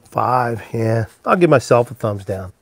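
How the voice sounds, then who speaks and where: A mid-range, expressive voice with vocal fry moves at a measured pace as this pipe maker hosts a relaxed live stream from his workshop. He rambles easily while working and chats with viewers by name, with no room sound.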